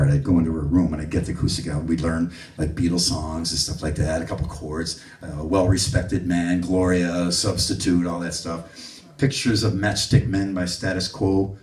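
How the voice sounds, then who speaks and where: A low-voiced man speaks to a live clinic audience, telling stories with lively acted-out quotes. The sound is roomy and picked up from a distant mic. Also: brisk. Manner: animated storyteller, acts out quotes. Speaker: bass clinician. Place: room with an audience.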